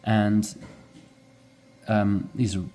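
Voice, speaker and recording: Man, English teacher, low warm voice, animated lesson delivery. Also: very slow. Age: adult with young children. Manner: animated, demonstrates rising inflection. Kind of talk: explaining a textbook dialogue.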